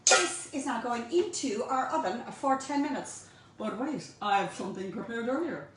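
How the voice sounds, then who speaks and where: A woman's voice: on the high side, lively intonation, normal speed, heavy reverb, distant mic, very noisy. An Irish woman teaching a home baking class, chatty and playful, talking straight to her viewers. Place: home kitchen.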